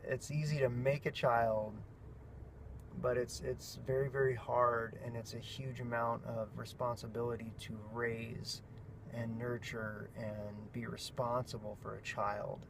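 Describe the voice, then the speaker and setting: A nasal-voiced man in his thirties rambles earnestly to his camera in a casual vlog, with a few self-mocking jokes. He sounds short on sleep, and steady traffic noise runs behind him. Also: medium pitch, measured pace, gravelly. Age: 30s. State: sleep-deprived. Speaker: vlog host and father. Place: outdoors while walking between offices. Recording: noisy street and traffic sound.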